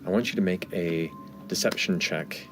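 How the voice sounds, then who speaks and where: A man's voice: low voice, normal speed, over music. A man narrating a tabletop game as game master, describing scenes with many fillers.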